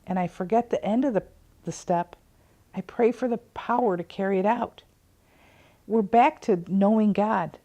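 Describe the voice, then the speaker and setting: A middle-aged woman hosting a recovery talk show, telling a personal spiritual story in an earnest way and often dropping to a soft near-whisper. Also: mid-range voice.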